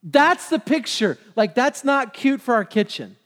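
A man preaching a casual, animated sermon to his church, acting out quotes as he goes. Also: extremely high pitch, a little slow, long reverb tail. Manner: conversational, animated, acts out quotes. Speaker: pastor.

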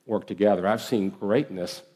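A man preaching a sermon as pastor, earnest and emphatic, with slow deliberate pauses and repeated phrases. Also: fairly low pitch, a little mellow. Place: church sanctuary.

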